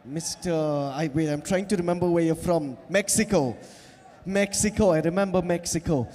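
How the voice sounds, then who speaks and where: A man's voice: on the high side, normal speed, darkish tone. A man beatboxing on stage, teaching and coaxing the audience with lots of energy. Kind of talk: live stage crowd work. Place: large event hall with audience. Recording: long hall reverb.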